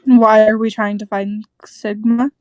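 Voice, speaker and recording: A woman's voice: medium pitch, level tone, measured pace, darkish tone, dry recording, natural voice, low-quality recording. A woman voicing an icy, menacing female mechanoid officer in a tabletop game, curt and threatening. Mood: cold.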